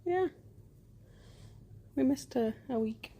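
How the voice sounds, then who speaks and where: A woman, co-hosting a casual podcast with her partner, candid and quick to laugh. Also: high-pitched, expressive, a little hiss or hum. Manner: candid, laughs easily, soft-spoken. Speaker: podcast co-host. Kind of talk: casual couple's podcast chat.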